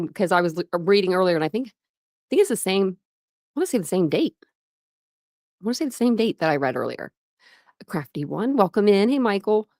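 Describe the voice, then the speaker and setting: A woman's voice: mid-range voice, dry recording, studio quality. Chatty woman hosting a livestream. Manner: chatty, laughs often, greets chat by name. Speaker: livestream host. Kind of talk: casual livestream chat. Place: home.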